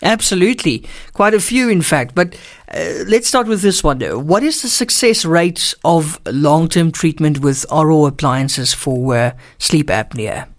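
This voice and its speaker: A man with a South African accent, hosting and asking questions quickly in an interview. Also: on the high side, expressive. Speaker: radio podcast host.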